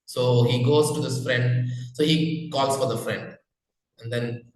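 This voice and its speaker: A man, a spiritual teacher telling a story in a relaxed, conversational way with many fillers. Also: medium pitch, a little slow. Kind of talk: storytelling talk. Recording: very echoey room.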